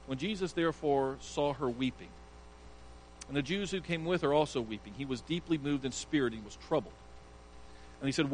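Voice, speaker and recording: A man's voice: medium pitch, a little fast, a little mellow, a little hiss or hum, low-quality recording. A male pastor preaching an earnest sermon, emphatic and sometimes stumbling over restarts.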